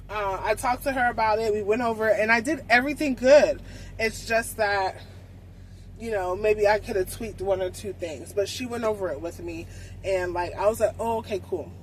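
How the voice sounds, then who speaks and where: Young woman trucker, casual vlog storyteller, salty and animated, faint noise behind. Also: mid-range voice, poor audio. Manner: animated, swearing, acts out conversations. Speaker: truck driver vlogger.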